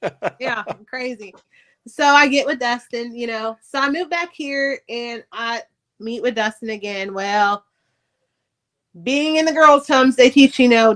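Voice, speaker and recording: Middle-aged woman guest, candid storyteller, swears freely, lively retelling, slightly high voice. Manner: candid, profane, animated retelling. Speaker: podcast guest, author. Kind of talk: casual storytelling interview.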